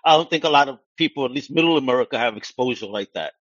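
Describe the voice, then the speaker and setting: A man's voice: mid-range voice, animated, rapid-fire, a bit bright, muffled recording. A man from Puerto Rico hosting a podcast interview in a playful, enthusiastic, casual way. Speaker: podcast host.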